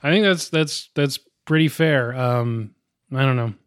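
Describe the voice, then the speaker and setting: A man's voice: mid-range voice, unhurried, clean tone, no room sound. Man musing on films, dry sound. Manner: thoughtful, rambling with restarts. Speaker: podcast co-host. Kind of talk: casual movie discussion.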